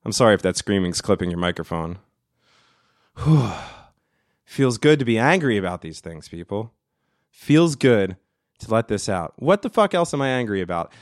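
A man's voice: medium pitch, no room sound, studio quality. A man in his late thirties hosting a podcast, ranting in a profane, rambling, mock-dramatic way. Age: 30s. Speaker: podcast host. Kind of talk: comedic rant. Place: studio.

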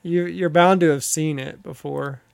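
A man's voice: fairly high pitch, fairly even intonation, moderate pace, vocal fry. A man co-hosting a casual podcast, skeptical and contrarian, poking at his friends with questions. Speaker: podcast co-host and band member. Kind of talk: casual chat.

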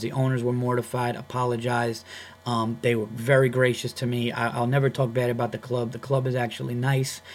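A man, a comedian hosting his own podcast, telling a story in a heated, profane way and acting out both sides of the dialogue. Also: mid-range voice. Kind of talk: casual storytelling monologue.

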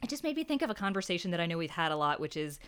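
A woman's voice: on the low side, very animated, rapid-fire, a bit bright, clear, resonant tone. A woman in her thirties co-hosting a podcast, talking frankly and crudely with dry jokes. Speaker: podcast co-host. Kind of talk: casual chat.

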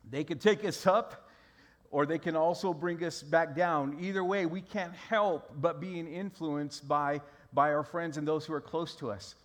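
Conversational pastor preaching. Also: male voice, fairly high pitch, steady tone, measured pace. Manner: conversational storytelling with repeated restarts. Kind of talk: sermon.

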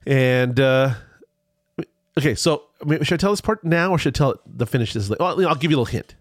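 A man's voice: medium pitch, animated, fast talker, no room sound, studio quality. A man telling a rambling travel story in casual chat, with many restarts.

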